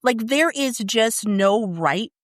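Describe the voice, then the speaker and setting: A woman's voice: a little high, animated, slow pace, dry recording, studio quality. A woman in her fifties co-hosting a casual podcast chat, candid and laughing often. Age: 50s. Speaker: podcast co-host.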